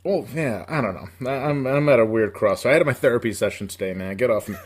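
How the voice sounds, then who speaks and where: Man, thirties, from upstate new york, podcast co-host, casual storytelling, swears a lot, rambling, laughs often, mid-pitched. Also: quick pace.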